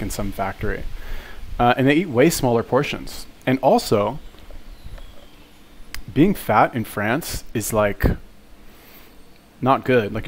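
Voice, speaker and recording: A man gives casual reaction commentary, rambling and sarcastic, swearing freely and trailing off into fillers. His pitch sits in the middle range, with a faint hiss behind him. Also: rough recording. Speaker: reaction video host.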